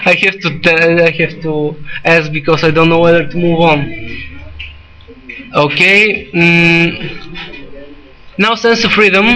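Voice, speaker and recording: A man teaching a classroom of students, talking in a halting way with restarts and asides to the class. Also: high-pitched, sharp tone, poor audio. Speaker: teacher giving a presentation. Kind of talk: classroom lecture.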